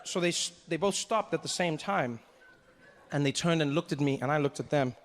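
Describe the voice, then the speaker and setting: Man, stand-up comedian, fairly high voice, animated storytelling, faint background noise. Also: fairly quick.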